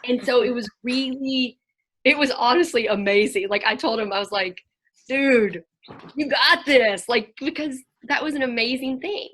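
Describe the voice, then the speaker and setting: A woman counselor talking to a group over a video call, telling lively stories and acting out what children said. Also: a little high, moderate pace. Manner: animated storyteller, acts out children's voices.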